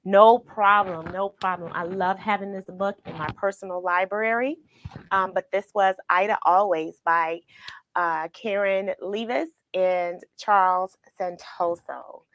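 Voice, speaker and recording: A woman's voice: mid-range voice, steady tone, a little slow, fairly bright tone, slight background noise. A woman hosting a children's read-along livestream, talking tenderly and emotionally to viewers she calls friends. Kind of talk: casual livestream chat after reading.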